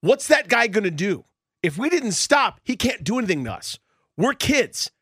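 A man's voice: high-pitched, sing-song, normal speed, fairly bright tone, husky, no echo, clean studio sound, pitched above the performer's own voice, exaggerated voice. A man on a radio talk show voicing a cocky, defiant teenage boy who talks in brash slang.

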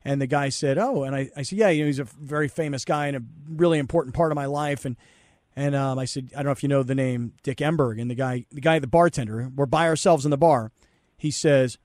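Man, podcast host, casual chatty, fairly high voice, dry close sound. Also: dry recording. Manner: relaxed and conversational, telling a personal anecdote. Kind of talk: casual interview chat.

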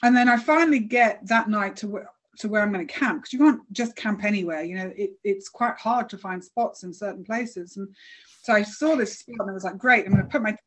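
A British woman speaking as a guest, telling stories in a lively, self-mocking way with frequent restarts. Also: medium pitch, a little fast. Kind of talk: casual storytelling.

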